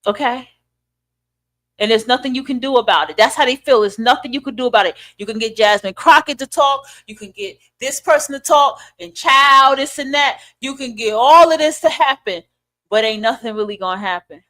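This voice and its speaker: A woman's voice: fairly high pitch, brisk, sharp tone. Profane, preachy woman podcast host. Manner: blunt, profane, preachy, with rhetorical questions. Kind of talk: ranting commentary monologue.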